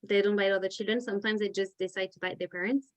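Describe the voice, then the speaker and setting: A woman's voice: medium pitch, steady tone, fast talker, low-quality recording. A woman teacher leading a parent education session over a video call, talking in a chatty, filler-heavy way. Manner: chatty, with many "like" fillers and restarts. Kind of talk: casual explanatory talk.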